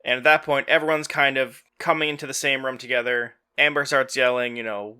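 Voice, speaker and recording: Bright, clear-voiced man recapping a movie. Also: mid-range voice, steady tone, a little fast, few pauses. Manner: retells scenes quoting characters in a loose, offhand voice; heavy use of fillers like "you know" and "like". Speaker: podcast host.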